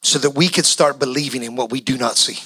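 A male pastor delivering an impassioned sermon, swinging from quiet talk to shouting. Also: medium pitch, fast, breathy edge, no room sound, low-quality recording.

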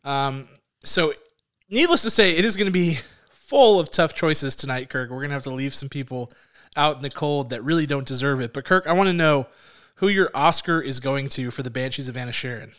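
A man's voice: mid-range voice, a little fast, fairly bright tone, clean tone. A man co-hosting a movie review show in casual chat, upbeat and chatty, often laughing between phrases.

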